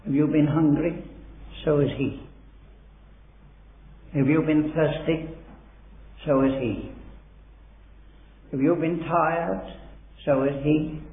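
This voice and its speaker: A man's voice: a little high, fairly even intonation, slow, pauses often. A man preaching a sermon, expounding Bible verses earnestly and building to dramatic emphasis in a large hall. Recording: echoey hall on a tinny old recording.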